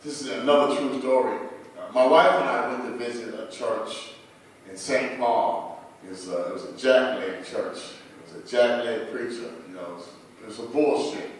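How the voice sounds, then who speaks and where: A man's voice: mid-range voice, normal speed, slight background noise. A man in his fifties doing loose, profane stand-up storytelling at an open mic night, laughing at his own jokes. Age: 50s. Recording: echoey bar from a distance.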